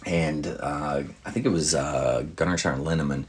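A man with a deep, low-set voice and a husky, slightly rough edge tells a long anecdote in a relaxed, meandering way. He strings his story together with many fillers and restarts, in the tone of a casual host chatting with listeners. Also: measured pace. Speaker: podcast host.

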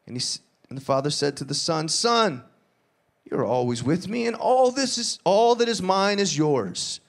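A man preaching a sermon, retelling a parable with lively acted-out dialogue and casual asides. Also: moderate pace, vocal fry. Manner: animated storytelling, acts out dialogue with shifting pitch. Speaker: pastor.

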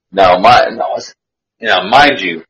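A man telling a story in a casual chat, slangy, animated and swearing freely. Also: on the low side, slow pace, muffled recording.

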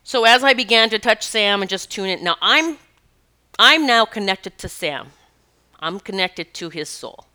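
A woman's voice: medium pitch, expressive, measured pace, pushed and bright, clean tone. A woman who works as an animal communicator and Reiki practitioner, telling a personal story casually, rambling and correcting herself as she goes. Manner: rambling, self-correcting, earnest.

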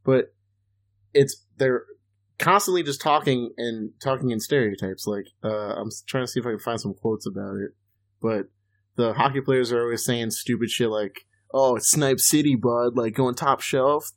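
Speaking at normal speed in a mid-range voice, this man co-hosts a podcast with casual, profane chatter. He tells stories loosely and rambles, leaning on lots of fillers.

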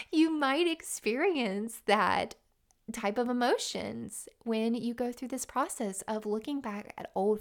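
A woman's voice: mid-range voice, vocal fry. A woman, chatting heartfelt and casual as a vlogger, often restarting her sentences. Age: late 30s. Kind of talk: casual personal chat.

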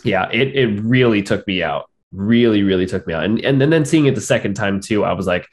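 A man with a fairly low voice, talking casually on a film review podcast. He is blunt and sarcastic, and his sentences are full of fillers and restarts. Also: brisk, hardly any pauses.

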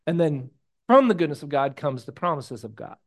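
A male pastor preaches a sermon in a loose, conversational style. His voice sits a little high. He drops to hushed asides, then rises into loud, animated bursts, and he mixes in jokey personal stories. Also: a little fast.

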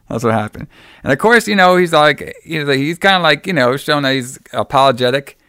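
A man's voice: a little high, brisk, clean tone, dry recording, clean studio sound. A man casually recapping a horror movie for a podcast, acting out the characters' lines and laughing often. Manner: animated storyteller acting out quotes, laughing often. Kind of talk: casual chat.

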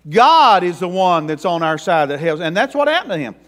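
A man's voice: a little high, big pitch swings, fast talker. A middle-aged man preaching a sermon in a folksy, emphatic way as pastor.

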